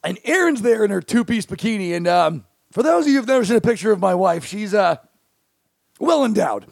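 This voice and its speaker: A man's voice: high-pitched, fairly quick, vocal fry, dry recording, studio quality. A man in his thirties co-hosting a podcast, telling funny stories and acting out what people said. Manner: animated storyteller, acts out quotes loudly. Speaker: podcast co-host. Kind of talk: casual comedic storytelling.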